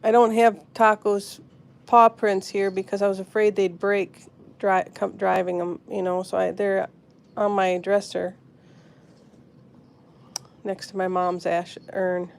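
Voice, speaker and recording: A woman hosting a live stream from her phone, talking softly and sadly to viewers in the chat. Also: mid-range voice, level tone, unhurried, creaky. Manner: soft, grieving, answering chat comments. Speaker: pet channel host.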